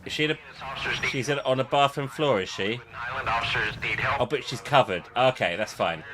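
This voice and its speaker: A man's voice: medium pitch, expressive, normal speed, very noisy. A man casually commenting as he plays a game, rambling and joking. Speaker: game streamer. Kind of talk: casual let's-play commentary.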